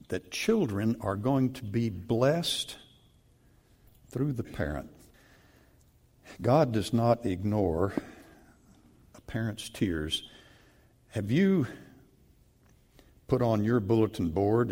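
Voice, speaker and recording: Slow, low-voiced older male preacher. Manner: slow, emphatic preaching with sudden loud stresses. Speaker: pastor. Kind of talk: sermon.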